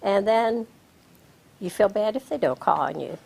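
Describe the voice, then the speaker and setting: A woman with a Midwestern American accent leading a club meeting as Toastmaster from a lectern in a small studio, speaking in a measured, instructive way. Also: mid-range voice, animated, creaky, darkish tone, husky, low-quality recording. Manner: measured, instructive, announcing guests with rising emphasis. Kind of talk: presiding over a club meeting. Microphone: lectern microphone.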